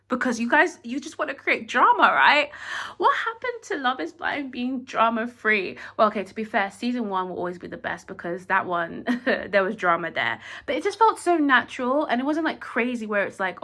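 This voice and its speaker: Bright-voiced woman ranting about a show. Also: on the high side, moderate pace. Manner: animated, acts out quotes, frequent "like". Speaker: reality show reviewer. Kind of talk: casual opinion vlog.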